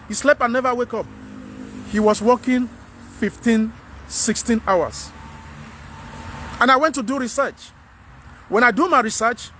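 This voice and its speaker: A man's voice: high voice, fairly bright tone, a little hiss or hum. A man with a Nigerian English accent, giving a frank, earnest monologue to camera as a vlogger, often repeating himself to press a point.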